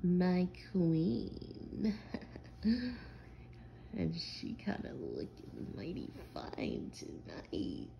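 A woman playing a gravelly teasing vampire boyfriend. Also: on the low side, huge pitch swings, very slow, pauses often, dull audio, slight background noise, heavily acted. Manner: teasing, playful, drawling slang. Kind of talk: listener role-play audio.

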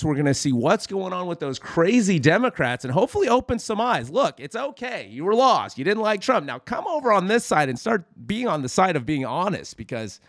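A man's voice: fairly high pitch, no room sound, studio quality. A man hosting a satirical political commentary show in a mock-preachy, sarcastic, folksy manner. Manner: sarcastic, folksy, keeps calling viewers "friends".

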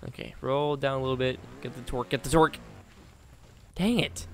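A man narrating his own gameplay at an ordinary middle pitch. He mutters encouragement under his breath, then bursts out in frustration at the game. His talk is loose and chatty, full of coaxing and complaints. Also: a little fast, a little hiss or hum. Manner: talks to himself and the game, swinging between muttering and exasperated outbursts. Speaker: gaming channel host. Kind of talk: live gameplay commentary.

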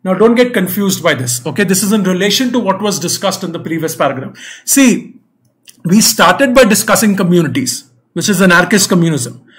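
A young man with a fairly high voice leads an online exam-prep class. He works through a reading passage patiently, repeating key points. He keeps checking that students follow along. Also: animated, a little fast, fairly bright tone. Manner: patient, repetitive explaining with frequent "right?" and "okay?" checks.

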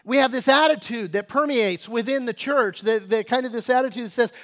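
High-voiced preaching pastor, casual asides. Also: male voice, brisk, few pauses. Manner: conversational preaching, grows louder and higher when exhorting; slangy asides. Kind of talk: sermon.

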